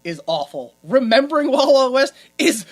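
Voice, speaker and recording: Woman podcast co-host, casual movie chat, lively swooping pitch, laughs and swears a lot. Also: normal speed. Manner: animated, laughing often, swearing, exaggerated indignation.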